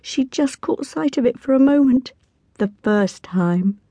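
A woman reading a young schoolboy who tells a spooky tale in a hushed, drawn-out way, for an audiobook. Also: on the low side, husky, no echo. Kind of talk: audiobook character voice.

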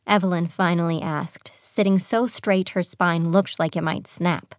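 A woman narrating a young adult fantasy audiobook in a measured, even storytelling manner on a close studio mic. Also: mid-range voice, no echo.

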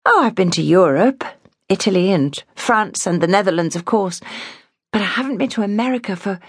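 A woman's voice: mid-range voice, expressive, fairly quick, slightly rough, no room sound, clean studio sound, pitched above the performer's own voice. A woman reading the part of a confident, worldly young woman who talks in a teasing, breezy way. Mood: musing.

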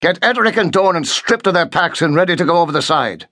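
A man's voice: sits high, lively intonation, quick pace, pushed and bright, no echo, clean studio sound, pitched above the performer's own voice. A man voicing a hot-tempered Irish Marine lieutenant who growls and bellows orders, with an Irish accent. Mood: commanding.

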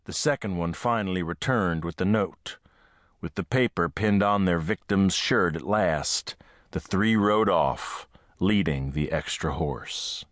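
A man narrating an audiobook with steady, measured storytelling, recorded close to the mic in a studio. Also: sits low, no room sound. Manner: steady, measured storytelling that voices each character's lines. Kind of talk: scripted narration.

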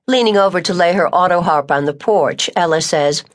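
Low-pitched woman narrating a novel. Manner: even, measured storytelling. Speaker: audiobook narrator. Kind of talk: scripted narration.

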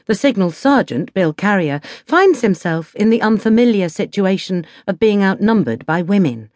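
A woman with an English accent narrating an audiobook in a measured, expressive way. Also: medium pitch, dry recording. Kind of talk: scripted narration.

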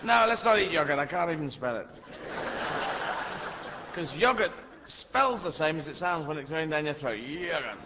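A middle-aged man performing a rambling stand-up comedy routine on a theatre stage, switching into shouted character voices. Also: on the high side, normal speed, pauses often. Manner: rambling, animated, puts on shouting old-lady voices. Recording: live hall recording, dull sound, audience noise. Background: audience laughter.

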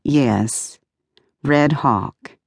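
A woman's voice: a bass voice, drawn-out words, creaky, darkish tone, husky, no echo, clean studio sound, exaggerated voice. A woman voicing a young female filmmaker who answers in a wry, dryly self-deprecating way.

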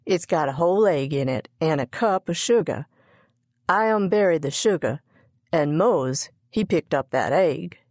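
Woman narrator doing proud old cook, scolding, folksy, low voice, dry read. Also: expressive, unhurried, darkish tone, no room sound. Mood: bossy.

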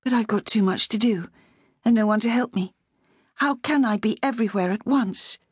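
A woman's voice: fairly high pitch, moderate pace, breathy edge, dry recording, studio quality, pitched above the performer's own voice. Woman doing a flustered, harried young mother. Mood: exasperated. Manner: flustered, apologetic. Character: harried young mother juggling publishing job.

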